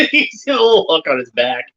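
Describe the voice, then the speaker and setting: A man's voice: high voice, very animated, moderate pace, fairly bright tone, dull audio. A man hosting a livestream watchalong, making wry, joking asides at home. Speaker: host. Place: home room.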